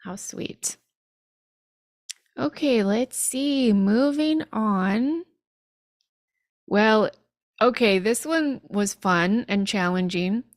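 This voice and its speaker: A woman leads a live-streamed language class. She speaks in an unhurried, drawn-out way and keeps things chatty, laughing now and then at how phrases translate. The sound is dry and close, with almost no room around her. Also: on the high side, no echo. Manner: chatty, laughs at literal meanings. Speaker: language teacher.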